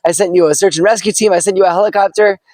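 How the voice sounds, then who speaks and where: A man voicing God in a parable, calm and matter-of-fact. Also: high voice, rapid-fire, dry recording, lightly acted. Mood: explaining. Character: patient, explaining God of a parable.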